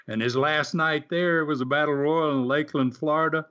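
A man's voice: a little high, animated, normal speed, few pauses, pushed and bright. An older man, a former wrestler, telling folksy stories in a casual interview, full of fillers and restarts. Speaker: wrestling guest. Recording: slightly dull lo-fi audio.

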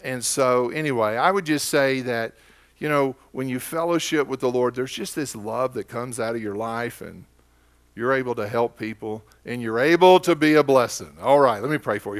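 A man's voice: mid-range voice, moderate pace. A man with an Oklahoma accent preaching a sermon as pastor, telling stories in a folksy, conversational way.

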